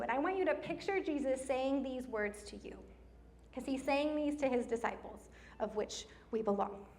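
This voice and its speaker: A middle-aged woman preaching a sermon in church, telling stories in an animated way, slowing down for emphasis. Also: on the high side. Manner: animated storytelling with laughs and slowed emphasis. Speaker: pastor.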